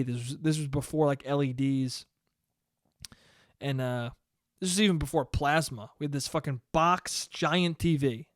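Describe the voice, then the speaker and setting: Brief: young male podcaster, smooth clear voice, rambling and sweary, telling stories to himself. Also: on the high side, dry recording, studio quality. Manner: rambling, profane, jokey, with many restarts. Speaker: podcast host. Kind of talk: solo podcast monologue.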